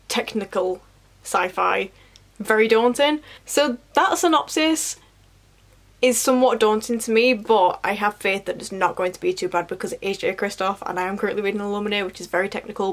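Chatty woman vlogging about books. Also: medium pitch. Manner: chatty and enthusiastic, trails off into asides. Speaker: book vlogger. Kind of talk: casual chat.

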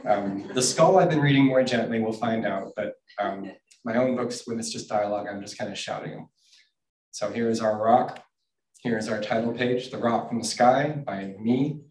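A man's voice: lowish voice, moderate pace, darkish tone. A man from Canada, an author chatting casually and self-deprecatingly as he reads his picture books aloud at a bookstore event. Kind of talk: casual public book reading. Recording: roomy, distant mic.

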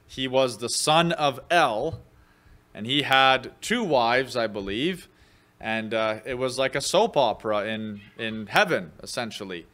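A man's voice: mid-range voice, expressive, a little slow, pushed and bright. A man preaching a midweek sermon as pastor, teaching in a conversational way with fillers, and lifting his voice when he reads quoted scripture. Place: church.

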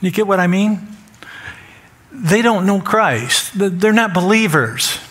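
A man's voice: high-pitched, slow pace, fairly bright tone. A man preaching a sermon as pastor, emphatic and repeating phrases for stress. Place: church sanctuary. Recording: long church hall reverb.

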